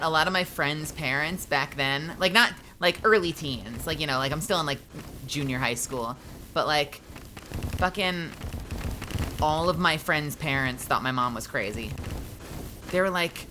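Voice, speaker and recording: A woman's voice: sits low, lively intonation, unhurried, a little hiss or hum. A woman livestreaming a game, chatting casually and swearing a lot as she tells stories and reacts to the play. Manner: profane, chatty storytelling; bursts into loud outrage during play. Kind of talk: casual live gameplay chat.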